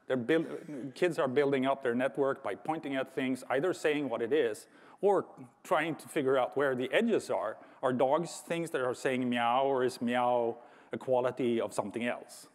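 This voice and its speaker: A man of medium pitch and normal speed delivers a conference talk in a big hall, reflective and lightly humorous, frequently starting sentences over. The recording echoes with the hall's reverberation.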